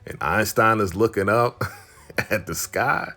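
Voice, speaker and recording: A man casually recapping a TV drama episode, telling the story with frequent chuckles and animated asides. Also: on the low side, takes it slowly. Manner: animated storytelling, chuckles often, acts out characters' lines. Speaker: show recap host.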